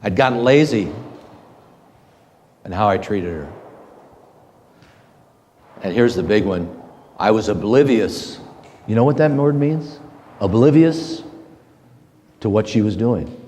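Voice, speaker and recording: A middle-aged man giving a slow, halting, earnest personal testimony to a men's group. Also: lowish voice, animated, darkish tone. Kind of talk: reflective personal testimony talk. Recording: long hall reverb.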